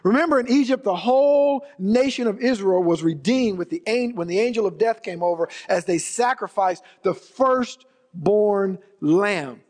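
A man's voice: high-pitched, normal speed, a little mellow. A man preaching a sermon as pastor, emphatic and repeating his key phrases for weight. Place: church sanctuary. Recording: long reverb of a large hall.

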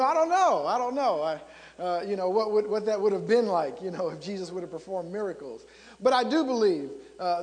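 A man's voice: sits high, a little mellow, big-room sound. A man preaching a sermon as a pastor, conversational and storytelling, driving points home with emphatic repetition.

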